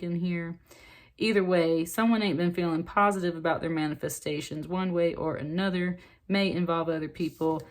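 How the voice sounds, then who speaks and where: A woman with a fairly low voice talks through a tarot reading in a loose, chatty way. She gets excited as she goes and scatters fillers and little asides through her talk. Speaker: tarot reader. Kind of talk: casual spoken tarot reading.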